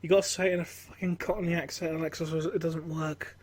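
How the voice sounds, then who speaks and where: A man with a fairly high voice rattles along at a fast clip on a podcast panel. He jokes around and drops casual curses. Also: level tone. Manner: quick and swearing, jokey.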